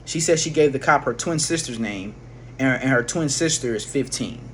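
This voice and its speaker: A man's voice: medium pitch, lively intonation, normal speed, a little hiss or hum. A man casually telling a personal story, rambling with slang, swearing and frequent restarts. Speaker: vlogger.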